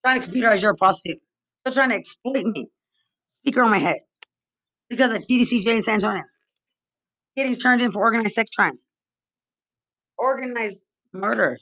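In an angry, meandering monologue, a woman from Texas keeps repeating accusations and cursing. Her voice is on the high side and a little bright, and her manner is agitated and accusatory.

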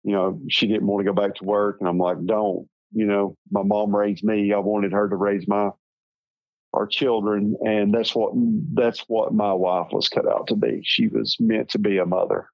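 A middle-aged Southern man from Tennessee, telling his life story as an interview guest in a slow, halting, reflective way. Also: on the low side, level tone, gravelly, dry recording, lo-fi sound. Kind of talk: personal storytelling.

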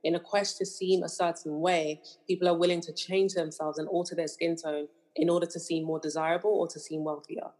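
Thoughtful British woman, low voice. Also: flat delivery, brisk, hardly any pauses, darkish tone. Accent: British with Nigerian influence. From United Kingdom. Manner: thoughtful, many fillers. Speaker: podcast co-host. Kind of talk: casual chat.

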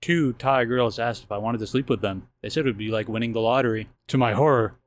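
A man's voice: medium pitch, fast, no room sound. A man telling short one-liner jokes to friends, with a plain setup-and-punchline delivery.

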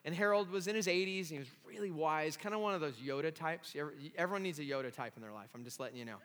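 A man pastor preaching an animated, self-deprecating sermon with many restarts in a church hall. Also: a little high, very fast.

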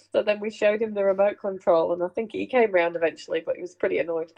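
A middle-aged woman hosting a casual chat, telling family anecdotes in an animated way and laughing along. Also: mid-range voice, quick pace, dull audio. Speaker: host sharing family memories.

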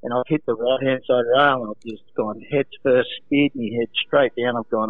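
An Australian man calling in to a radio show from home, telling stories in an animated way, laughing often and acting out quotes. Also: mid-range voice, moderate pace, hardly any pauses, dry recording. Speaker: guest, former lifeguard. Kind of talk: casual storytelling on a radio call. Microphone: phone. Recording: tinny phone line.

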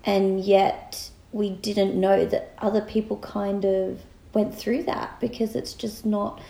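Slow, gravelly Australian woman. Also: mid-range voice, level tone, mellow, echoey room, low-quality recording. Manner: chatty and giggly, with laughing asides. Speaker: podcast co-host. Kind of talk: casual podcast chat.

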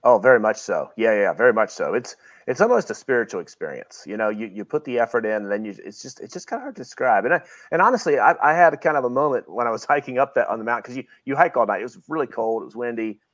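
A man's voice: medium pitch, lively intonation, fast, hardly any pauses, dry recording. A middle-aged man from Virginia, a guest talking earnestly and reflectively in a casual interview, often restarting his phrases. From Virginia, USA.

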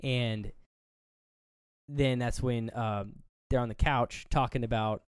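A man's voice: mid-range voice, steady tone, slow, smooth, dry recording, clean studio sound. A man co-hosting a casual movie review chat, rambling and swearing as he acts out scenes. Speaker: podcast co-host.

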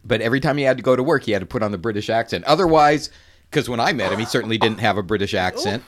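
A man co-hosting a chatty podcast, his pitch swinging widely as he talks. He rambles, restarts his sentences and laughs often. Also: expressive, racing. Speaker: podcast co-host. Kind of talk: casual chat.

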